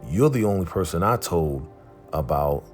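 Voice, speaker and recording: A man casually recapping a TV episode, retelling scenes in a lively way and acting out the characters' lines. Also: low voice, moderate pace, soft background music. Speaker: TV recap host.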